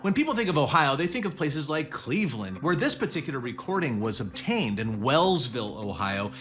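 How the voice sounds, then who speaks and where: Man, documentary interviewee, earnest, explaining, lively pitch, faint music behind. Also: a little fast. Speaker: interviewee, Bigfoot researcher.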